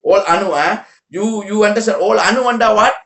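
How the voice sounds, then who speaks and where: A man with a high voice gives a spiritual talk in halting, repetitive English. The sound is echoey, as if recorded in a room. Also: a bit bright. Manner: broken English, repetitive, rambling. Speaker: spiritual teacher.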